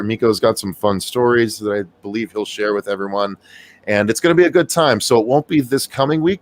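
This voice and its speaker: A man hosting a casual livestream, bantering and joking with profanity. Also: medium pitch. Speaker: host.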